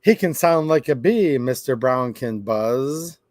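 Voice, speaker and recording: Man reading rhymes in a lively sing-song. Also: mid-range voice, slow, no room sound, clean studio sound. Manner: sing-song, playful read-aloud voice. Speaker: host of a live stream. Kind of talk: reading a children's rhyme book aloud.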